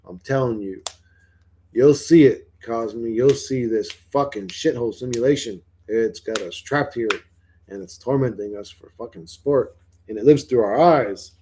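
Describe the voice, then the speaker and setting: A man rambles on his own livestream, blunt and foul-mouthed. He talks loosely and casually to the viewers in his chat, with his voice at a middle pitch for a man. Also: mellow, husky. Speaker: livestream host.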